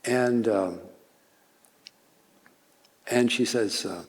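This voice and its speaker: An older man telling a warm story at a conference seminar, chuckling as he goes. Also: on the high side, lively intonation, unhurried, long pauses. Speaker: speaker. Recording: long hall reverb.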